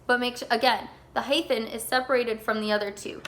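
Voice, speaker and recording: A young woman teaching a recorded class lesson, her voice sitting a little high. She talks in a loose, casual way with plenty of "um"s and "like"s, and slows right down whenever she spells out a word. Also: steady tone, a bit bright, slight background noise. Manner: casual, filler-heavy, slows to spell things out.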